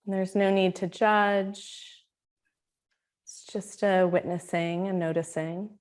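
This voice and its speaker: A woman teaching a guided meditation, speaking in a slow, soothing, gently inviting way. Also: mid-range voice, fairly even intonation. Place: Australia.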